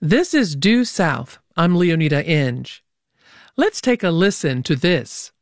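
A woman's voice: sits low, sing-song, slow pace, no echo, faint music behind. A woman hosts a public radio interview show in the studio, friendly and teasing with her guests.

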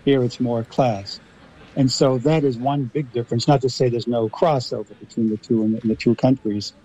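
Man, American accent, radio guest, articulate, explanatory, mellow tone, lo-fi sound. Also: mid-range voice, steady tone, normal speed, slightly rough. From Los Angeles, US. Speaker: guest linguist. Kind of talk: radio discussion.

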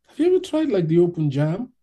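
A friendly karaoke host , as a man puts him on, coaxes in a voice lifted far above the teller's own. The tone stays chummy and gently persuasive, with a husky grain. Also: high-pitched, wildly swooping pitch, quick pace, voice pushed up, full character voice. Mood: coaxing. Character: friendly male karaoke host giving advice.

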